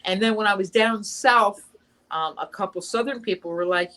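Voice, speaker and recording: A woman's voice: mid-range voice, moderate pace, fairly bright tone, low-quality recording. A young adult woman chatting casually in an interview as the guest actress, talking in long runs with lots of fillers and restarts.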